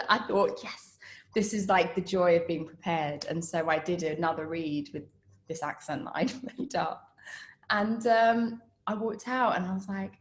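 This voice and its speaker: A woman in her thirties, an actress chatting in a relaxed way over a video call, telling stories with fillers and laughs. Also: lowish voice, moderate pace. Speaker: actress answering student questions. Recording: roomy echo on a call.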